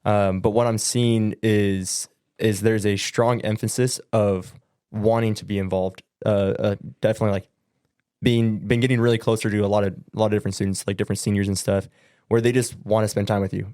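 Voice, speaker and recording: A young man from Southern California, a student pastor, talking as a guest on a podcast. His voice sits slightly low, and he rambles easily, full of "like" and "um". The sound is dry and close. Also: little pitch movement, fast talker, a little mellow, dry recording. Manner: easygoing, rambling, lots of likes and ums. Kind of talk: casual podcast guest chat.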